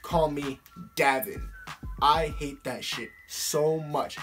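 A man's voice: on the high side, slow, fairly bright tone, faint music behind. A teenage boy answering fan questions in a casual vlog, talking bluntly with plenty of swearing and fillers.

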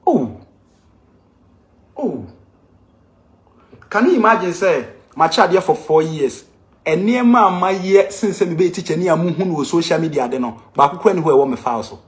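Animated Ghanaian man, impassioned. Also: a little high, normal speed, pauses often. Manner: emphatic, with repeated rhetorical questions. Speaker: teacher. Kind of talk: impassioned complaint to camera.

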